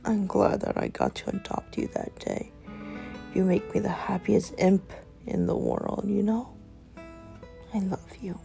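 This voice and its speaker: A woman voicing a gentle, affectionate male imp who is an adoptive father, speaking in a tender, soothing way. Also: high-pitched, steady tone, takes it slowly, gravelly, faint music behind, heavily acted.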